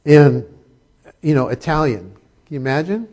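Pastor, middle-aged man, slightly high voice, chatty sermon with jokes. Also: animated, moderate pace, darkish tone. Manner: conversational preaching with asides and humor.

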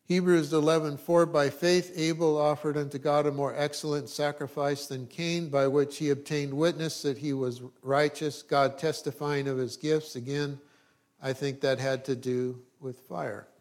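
A man's voice: on the high side, steady tone, normal speed, darkish tone. A man preaching a sermon, reading scripture aloud and explaining it in plain talk, checking in with his listeners.

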